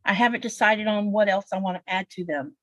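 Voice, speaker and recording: Chatty livestream co-host, woman, mid pitch, dry and close, talks in long loose stories. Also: a little fast, dry recording, rough recording. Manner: chatty, rambling storyteller with many fillers. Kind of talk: casual livestream chat.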